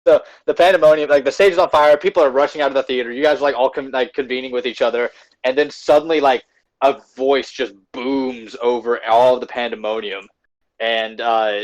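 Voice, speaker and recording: A man's voice: medium pitch, fairly even intonation, a little fast, muffled recording. A man acting as game master, narrating the scene loosely with many fillers.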